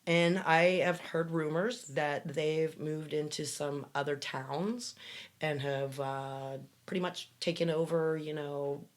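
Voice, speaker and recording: A woman hosting a casual podcast, reading excerpts aloud with wry, sarcastic asides. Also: deep voice. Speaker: podcast host.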